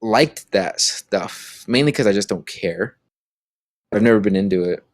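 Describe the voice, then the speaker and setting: A man with a lowish voice chats loosely on a podcast, circling through his thoughts with plenty of "like" and "you know." The sound is dry and close, with no room echo. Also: lively intonation, measured pace. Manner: rambling, with many fillers and restarts. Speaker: podcast co-host. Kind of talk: casual chat.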